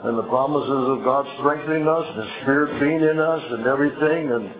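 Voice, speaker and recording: A man preaching at a Bible study, earnest and halting, with pauses. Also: medium pitch. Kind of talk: sermon. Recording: tinny phone-like audio with a crowd behind.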